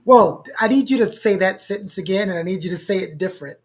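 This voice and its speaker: A man's voice: sits high, fast, slightly rough. A man producing and co-hosting a livestream, chatting casually in a teasing, exasperated way over a video call.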